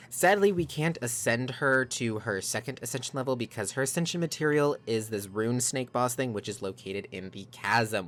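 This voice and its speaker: A man's voice: mid-range voice, fairly bright tone, slight background noise. A man hosting a let's play, chatting casually to his viewers on a desk microphone. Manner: chatty, addresses viewers as guys. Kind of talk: casual gaming commentary.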